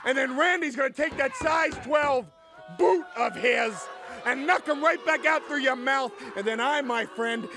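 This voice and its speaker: A man's voice: very high voice, a little slow, bright, forceful tone, soft background music. A young man, a wrestling manager, cutting a heated, sarcastic promo full of taunts.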